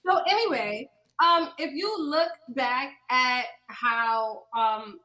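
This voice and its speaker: A woman's voice: high voice, takes it slowly, bright, forceful tone, rough recording. A woman hosting a podcast in casual chat, talking loosely with many ums and restarts. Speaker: podcast host.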